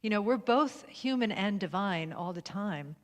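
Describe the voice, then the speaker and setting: A woman's voice: mid-range voice, animated, unhurried. A woman hosts a spiritual livestream, musing aloud and laughing often. She keeps nodding along with her guest, and her voice rings with a long hall reverb. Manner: warm, laughs often, affirms a lot. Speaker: livestream host. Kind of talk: spiritual conversation.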